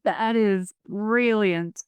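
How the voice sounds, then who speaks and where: A woman's voice: medium pitch, very slow, a little mellow, clear, resonant tone, no room sound. A woman hosting an interview, giving short affirming responses and brief comments. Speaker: podcast host. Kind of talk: interview chat.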